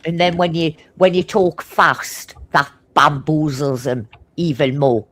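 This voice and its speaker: A woman with a broad Geordie accent, blunt and swearing constantly as she tells animated stories in casual chat. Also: low voice. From Newcastle, England. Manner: talks fast.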